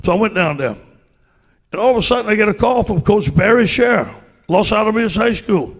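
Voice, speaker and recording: A middle-aged man with a Cajun accent from Louisiana, a football coach telling folksy, animated anecdotes to a club audience. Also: high voice, fairly quick, big-room sound. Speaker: guest speaker, football coach. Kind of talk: storytelling speech to a club audience.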